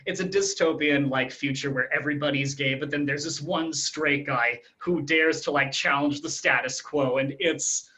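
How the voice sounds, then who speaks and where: Rambling man with a bright voice. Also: fairly high pitch, steady tone, normal speed, few pauses, poor audio. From Ireland. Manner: rambling, many fillers and restarts. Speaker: guest. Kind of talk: casual interview chat.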